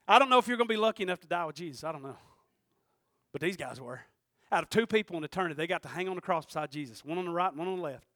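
A man preaching a sermon, who swings between shouting and quiet, intense passages and calls out to the congregation. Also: a little high, lively intonation, very fast, no echo, studio quality. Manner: preaches with call-and-response asides to the congregation. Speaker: pastor.

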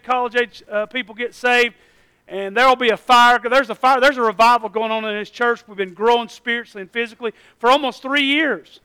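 A middle-aged man from Tennessee, preaching a sermon as pastor, building from quiet talk to loud, emphatic calls. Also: very high-pitched, clear, resonant tone.

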